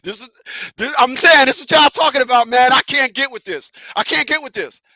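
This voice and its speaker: A man hosting a live talk radio show who talks in an animated, profane way, laughs often and repeats himself. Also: very high voice, a little fast, no echo.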